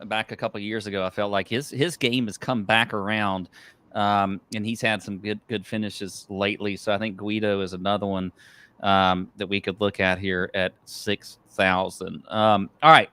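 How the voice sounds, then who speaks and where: A man's voice: on the low side, pushed and bright, clean tone, dry recording. A man co-hosting a golf betting podcast, talking in a loose, rambling, chatty way. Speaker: podcast co-host. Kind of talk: casual golf betting chat.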